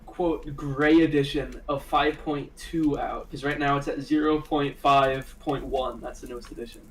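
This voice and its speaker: A man's voice: medium pitch, steady tone, normal speed, a bit bright, rough recording. A man joining a game stream over a voice call, bantering with mocking, profane comebacks. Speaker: friend on voice call.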